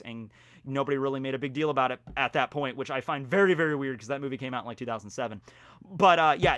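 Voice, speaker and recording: A young man from Pennsylvania, USA, vlogs casual, rambling commentary during a geography quiz, adding self-deprecating humor, in a medium-pitched voice that is pushed, bright and clean.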